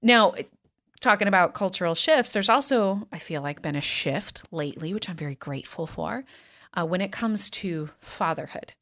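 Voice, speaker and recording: A woman's voice: lowish voice, lively intonation, normal speed, fairly bright tone. A woman hosting a podcast, talking casually and asking the guest reflective questions. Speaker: podcast host. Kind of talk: casual conversational interview.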